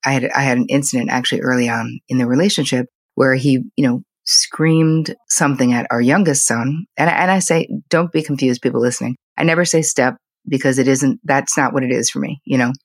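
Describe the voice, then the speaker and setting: An older woman with a husky, slightly breathy voice talks candidly, like a therapist sharing stories from her own family. She speaks in quick, animated bursts. The sound is dry and close, with no room around it. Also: a bass voice, no echo. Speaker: psychotherapist, podcast guest. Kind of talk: conversational interview storytelling.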